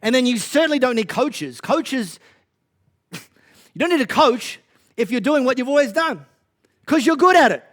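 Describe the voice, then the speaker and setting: An Australian man preaching a sermon as a pastor, conversational and animated, with playful asides. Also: very high-pitched, normal speed, pauses often.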